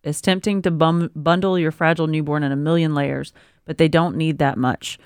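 A woman's voice: low-pitched, fairly even intonation, normal speed, clear, resonant tone, no echo, clean studio sound. A woman co-hosting a casual podcast, reading parenting advice aloud and breaking off into laughing asides. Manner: reads aloud then riffs with laughing asides. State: expecting a baby. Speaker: podcast co-host.

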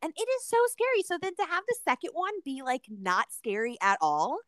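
A woman's voice: high voice, wildly swooping pitch, brisk, a bit bright, no echo. A young woman hosting a casual podcast chat, talking animatedly with lots of filler words. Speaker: podcast host.

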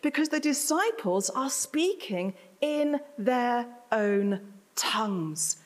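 A woman preaching a sermon to her congregation, chatty, with self-deprecating asides. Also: a little high. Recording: reverberant hall.

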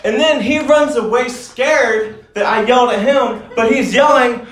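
A man's voice: very high voice, unhurried, few pauses, a bit bright, roomy sound. Profane, rambling male stand-up comic. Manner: profane, rambling, self-deprecating. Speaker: stand-up comedian. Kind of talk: stand-up set and casual recap. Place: comedy club stage.

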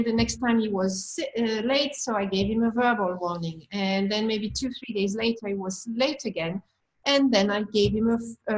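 A woman's voice: mid-range voice, slight background noise, low-quality recording. A woman guest who manages a team, talking frankly and reflectively in a conversational storytelling way, with small restarts.

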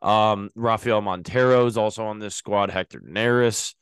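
A man's voice: fairly low pitch, normal speed, smooth, dry recording. A man hosting a sports podcast, talking casually and rambling with many fillers and restarts. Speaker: podcast host.

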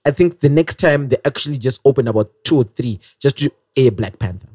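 A man co-hosting a casual podcast, an animated storyteller who laughs often. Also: mid-range voice, fairly quick, husky, no echo, studio quality. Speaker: podcast co-host. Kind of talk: casual chat.

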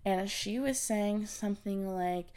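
A young woman from Canada hosts her podcast in a loose, casual chat. She talks in a bubbly, rambling way, full of likes and yeahs, at an ordinary middle pitch for a woman. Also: a little slow, darkish tone, clean tone. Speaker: podcast host.

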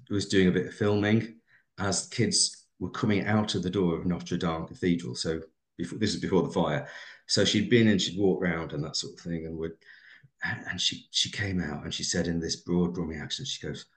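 A man's voice: low-pitched, steady tone, moderate pace, echoey room. A man, a teacher and podcast co-host, talking in a reflective, rambling way with many fillers. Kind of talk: casual podcast chat.

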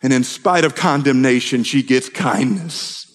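A man preaching a sermon with passion, dropping to a hush and rising to shouts. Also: medium pitch, unhurried. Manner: impassioned, swings between hushed and shouted. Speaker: pastor. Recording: long hall reverb.

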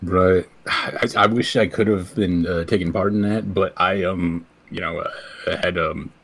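A man's voice: deep voice, steady tone, a little slow, fairly bright tone, a little hiss or hum. A man hosting a casual podcast, making joking, teasing asides. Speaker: podcast host.

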